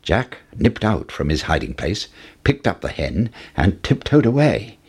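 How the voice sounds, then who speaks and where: A man narrates a fairy tale in a slow, unhurried storybook style. His lowish, husky voice rises and falls dramatically from hushed lines to big exclamations. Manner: expressive, dramatic reading.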